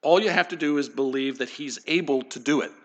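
A man's voice: on the high side, brisk. A middle-aged man, a pastor, giving a conversational sermon and putting questions straight to his congregation. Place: church sanctuary.

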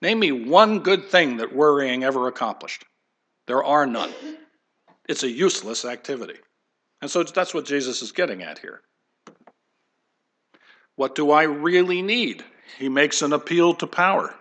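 A man preaches a sermon in a lively, conversational way, sliding into acted-out voices and folksy jokes. His voice sits a little high and has a bright, forceful edge. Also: normal speed, pauses often. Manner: animated, acts out quoted voices. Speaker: pastor.

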